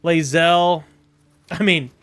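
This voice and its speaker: Joking, higher-voiced male streamer. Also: fairly even intonation, slow, fairly bright tone. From Europe. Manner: joking, rambling, laughs often. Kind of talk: casual gameplay commentary.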